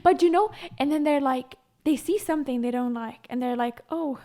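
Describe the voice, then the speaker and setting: High-voiced chatty woman podcaster. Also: a little fast, mellow. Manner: chatty, emphatic, agreeable. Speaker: podcast co-host. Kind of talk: casual chat.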